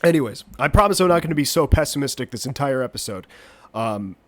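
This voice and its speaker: Male podcast host, stuffy cold voice, rambling self-mocking delivery, mid-pitched, dry close sound. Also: lively intonation, fast talker, no room sound. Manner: rambling, jokey, self-deprecating. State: congested, getting over a cold. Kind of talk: rambling solo podcast chat.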